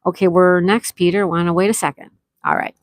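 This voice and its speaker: A woman with a fairly low, flat-sounding voice talks fairly quickly with no room sound. She's hosting a casual live stream, chatting with viewers, reading their comments aloud and spelling out game letters.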